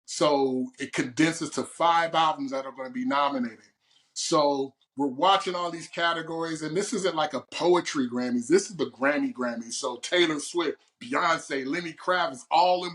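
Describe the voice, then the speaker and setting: Animated man telling his story. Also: a little high. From Oakland, California. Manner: animated, storytelling, boisterous and loud when excited. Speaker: guest poet. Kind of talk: interview conversation.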